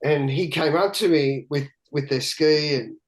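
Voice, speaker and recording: A man's voice: a little high, a little slow, poor audio. A man, a guest telling candid stories in a rambling, profane way with many restarts. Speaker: guest, big-wave surfer. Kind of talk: candid storytelling chat.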